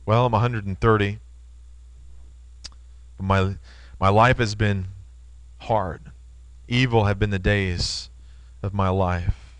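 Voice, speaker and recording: Preacher putting on a very old man, weary, lower voice, hushed, slow. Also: steady tone, clear, resonant tone, no echo.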